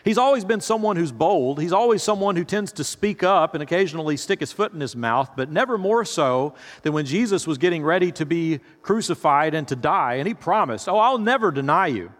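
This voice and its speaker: A man's voice: fairly high pitch, expressive, fairly quick, hardly any pauses. A male pastor preaching a sermon in a conversational, storytelling way, speaking straight to his listeners. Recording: reverberant hall.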